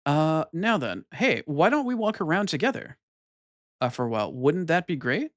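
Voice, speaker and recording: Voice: big pitch swings, normal speed, dry recording, close to an everyday voice. A streamer putting on a bouncy girlish princess. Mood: friendly. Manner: high, bright girlish put-on voice. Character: cheerful bouncy tomboyish young princess. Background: game music.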